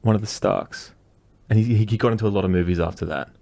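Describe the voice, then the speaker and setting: A man's voice: fairly low pitch, fairly even intonation, fast talker, creaky, dark tone. A young man co-hosting a podcast, talking in a casual, rambling way and laughing often. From Australia. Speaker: podcast co-host. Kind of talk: casual chat.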